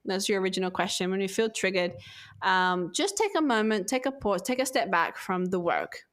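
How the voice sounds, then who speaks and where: Woman, podcast guest, candid and animated storyteller, middle pitch. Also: fairly quick. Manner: animated, expressive, acts out her own thoughts. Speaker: podcast guest, self-healing coach.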